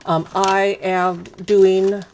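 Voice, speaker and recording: Chatty woman in her fifties with gravelly voice. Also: mid-range voice, level tone, very slow, a little mellow, a little hiss or hum. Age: 50s. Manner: chatty, rambling, self-deprecating, many ums. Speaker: craft live stream host. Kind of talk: casual live stream chat.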